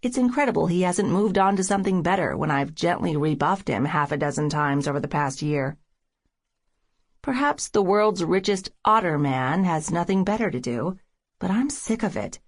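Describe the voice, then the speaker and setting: A woman's voice: fairly low pitch, expressive, normal speed. A woman narrating a first-person romance audiobook in a wry, sardonic way.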